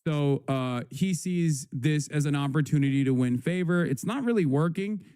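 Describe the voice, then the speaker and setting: A male livestream host in casual news commentary, rambling and sarcastic with crude asides. His voice sits slightly high yet warm. The sound is close and dry. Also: moderate pace, clean tone, dry recording.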